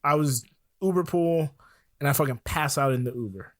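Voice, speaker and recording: A man's voice: on the high side, normal speed, no room sound, studio quality. A man from Florida, a podcast guest, telling a story in a laid-back way, laughing often and acting out the dialogue. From Florida, USA. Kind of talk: casual storytelling.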